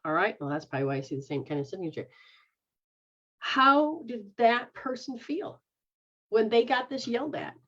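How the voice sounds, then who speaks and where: A woman's voice: a little high, expressive, normal speed, long pauses, a bit bright, muffled recording. A woman who is a psychic medium, giving rambling live readings in a frank manner, sometimes swearing and acting out the voices she quotes.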